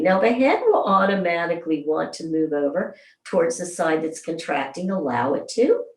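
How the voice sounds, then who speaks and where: Slow, low-voiced woman guiding gentle stretches. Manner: slow, soothing, counts aloud. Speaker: somatic movement instructor. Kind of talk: guided exercise class. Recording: roomy sound, mic at a distance.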